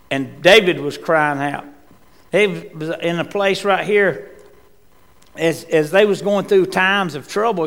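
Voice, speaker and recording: Man preaching, gravelly and fairly high, echoing church hall. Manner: rising to impassioned cries, then dropping quiet. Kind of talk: sermon. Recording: long reverb in a church hall.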